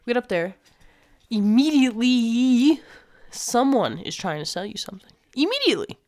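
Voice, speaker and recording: A young woman telling a casual storytime vlog, animated and slangy, swearing freely and acting out what people said. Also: mid-range voice, quick pace.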